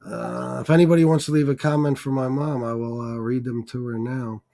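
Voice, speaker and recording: A man's voice: medium pitch, fairly even intonation, brisk, vocal fry, warm tone. A man hosting a casual chat with his mother, reading viewer comments aloud in a profane, hesitant way and getting choked up. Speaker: channel host.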